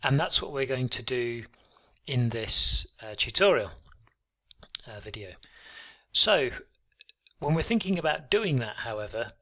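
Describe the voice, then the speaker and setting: A man walking through a coding tutorial on screen, relaxed and thinking aloud with frequent ums. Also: mid-range voice, a little slow. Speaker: programming tutor.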